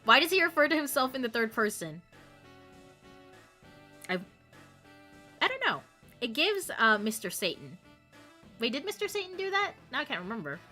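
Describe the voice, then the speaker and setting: A woman streaming a game, reacting excitably with squeals and giggles between the lines she reads. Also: high-pitched, moderate pace, long pauses. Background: faint game music.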